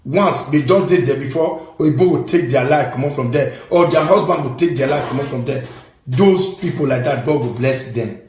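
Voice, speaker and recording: A Nigerian man giving impassioned, scolding commentary, bursting into shouts and preaching at his listeners. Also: mid-range voice, moderate pace, reverberant, poor audio. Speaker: online commentator.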